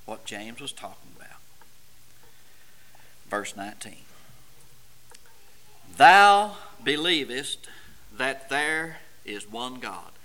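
A man preaching a sermon, moving between quiet verse explanation and loud, emphatic repetition. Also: medium pitch.

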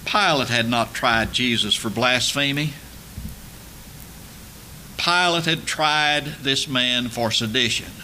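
A man preaching a sermon, emphatic and building to loud dramatic peaks. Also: fairly high pitch, a little hiss or hum.

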